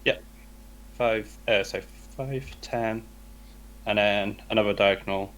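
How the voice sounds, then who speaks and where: A man's voice: on the low side, fairly even intonation, slow pace, a bit bright, a little hiss or hum. A man playing a tabletop game, hesitantly counting out his moves. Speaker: player.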